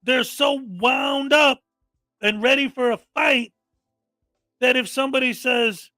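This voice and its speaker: A man with a very high, sharply bright voice hosts a reaction commentary, exasperated and mocking as he rants. His sound is dry and close, with faint music underneath. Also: steady tone, slow, no room sound. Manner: exasperated, mocking, often mimics people angrily. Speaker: commentary host.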